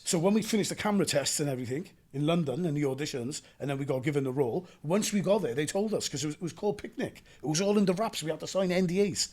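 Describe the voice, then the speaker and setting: A young adult Welsh man, an actor telling animated stories in a casual interview and acting out gunfire with sound effects. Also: a little high, rapid-fire, few pauses. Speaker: actor guest.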